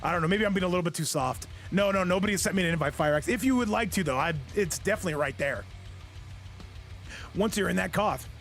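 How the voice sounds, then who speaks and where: A man commentates a fighting game live, chatting to his viewers in a loose, joking, rambling way. His voice sits fairly high. Faint music plays in the background. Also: fast talker, fairly bright tone. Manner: joking, rambling, talks to chat. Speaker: stream host and commentator.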